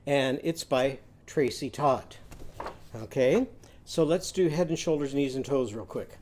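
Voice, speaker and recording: Slow, mellow-voiced man teaching kids. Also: medium pitch. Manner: sings simple chants and leads call-and-response. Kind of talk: slow children's literacy lesson with songs.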